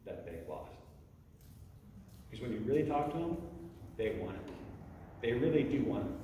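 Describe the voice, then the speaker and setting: A man's voice: mid-range voice, warm tone, a little hiss or hum. A man leading a parent talk at a church, speaking conversationally and often checking in with "okay?". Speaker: youth ministry director giving a parent talk. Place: church hall. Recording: echoey hall recorded from far off.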